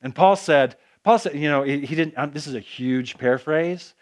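A man's voice: fairly high pitch, normal speed. A man preaching a conversational sermon, with frequent restarts and casual asides to the congregation.

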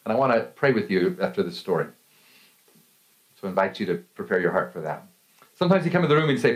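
A middle-aged man preaches a sermon in a mid-range voice. He tells personal stories, laughs often between phrases, and swings his pitch up and down as he speaks. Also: quick pace. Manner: storytelling with frequent laughs and lively pitch swings. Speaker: pastor.

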